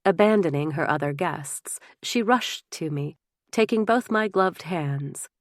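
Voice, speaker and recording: A woman narrating a historical novel in first person, measured and expressive. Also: fairly low pitch, dry recording, clean studio sound. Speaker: audiobook narrator.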